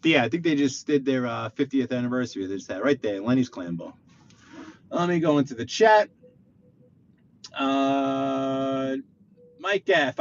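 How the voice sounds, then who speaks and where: A man with a New York accent, chatting casually on a live stream while he drives, reading viewer messages aloud and breaking into animated outbursts. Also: medium pitch, a little slow, long pauses, lo-fi sound, a little hiss or hum. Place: inside a car.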